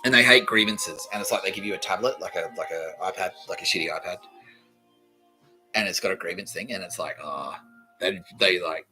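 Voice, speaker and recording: A man rants through a crude comedy story, swearing freely and breaking into laughter at his own lines. His voice sits low but has a bright, forceful edge, with faint music underneath. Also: brisk, rough recording. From Australia. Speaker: podcast host.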